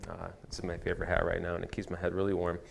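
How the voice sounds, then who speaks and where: A man's voice: low voice, completely flat delivery, racing, creaky, a little hiss or hum. A man preaching a sermon as pastor, telling a candid personal story with a self-deprecating touch. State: tearful at times. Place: church sanctuary.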